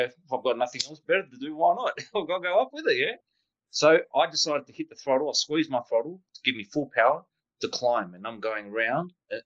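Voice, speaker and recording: A man tells his story in a casual, excitable rush, stumbling over restarts and throwing in little sound effects as he goes. His voice sits at an ordinary middle pitch. The recording sounds dull and lo-fi. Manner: animated, rambling, with sound effects. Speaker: guest pilot recounting a sighting.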